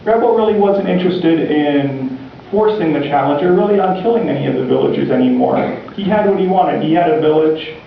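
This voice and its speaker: A male preacher narrating a parable in a slow, deliberate sermon storytelling style. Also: a little high, very animated, a little hiss or hum. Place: church. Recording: distant, echoey, dull church recording.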